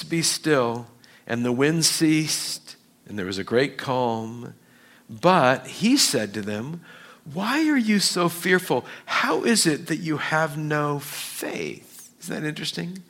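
A male pastor preaching a sermon, slowing down to stress scripture and acting out the quoted lines with lively shifts of voice. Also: mid-range voice. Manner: animated, acts out quoted voices.

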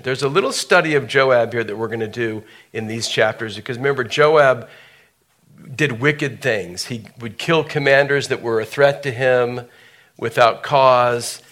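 A man teaching a Bible passage, reading the verses aloud and breaking off into relaxed, chatty explanations with fillers and asides. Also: mid-range voice. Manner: casual asides between scripture readings.

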